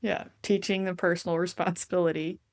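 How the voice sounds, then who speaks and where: A woman co-host chatting casually on a podcast, upbeat and quick to laugh. Her voice sits fairly low and the recording is dry and close. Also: little pitch movement, dry recording. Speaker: podcast co-host and enneagram coach. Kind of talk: casual chat.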